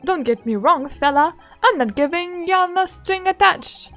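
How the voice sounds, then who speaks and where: A boastful, blustering rich man who brags about his wealth , put on by a woman reading a game aloud. The voice sits high and swings widely, with a put-on Irish lilt. Soft music plays behind. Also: lively intonation, measured pace, heavily acted. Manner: bragging, loud, folksy put-on Irish lilt. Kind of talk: voicing game characters in a playthrough.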